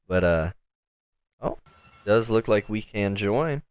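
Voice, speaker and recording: A man's voice: lowish voice, expressive, drawn-out words, smooth, no echo, lo-fi sound. A man casually commentating an online sim race as host, with lots of fillers. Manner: casual, filler-heavy play-by-play.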